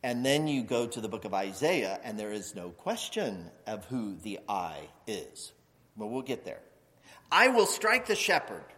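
Animated male preacher in a reverberant hall. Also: fairly high pitch. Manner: animated preacher acting out quoted voices, rising to near-shouts. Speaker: pastor. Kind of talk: sermon.

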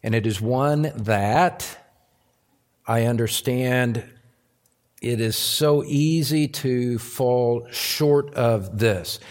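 A man preaching a sermon in a church, earnest, repeating phrases and swelling louder on key words. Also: mid-range voice, drawn-out words. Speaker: pastor.

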